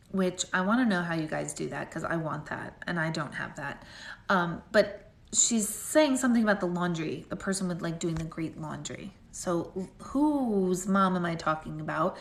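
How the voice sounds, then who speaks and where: Chatty woman medium in a roomy space. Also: lowish voice. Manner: chatty, rambling, heavy use of "like". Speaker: intuitive medium. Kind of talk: live-stream psychic reading.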